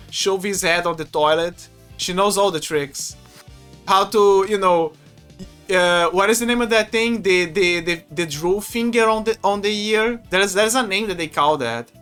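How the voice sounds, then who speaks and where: A man streaming, chatting casually in a rambling, animated way with frequent restarts and laughs. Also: sits high. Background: faint music.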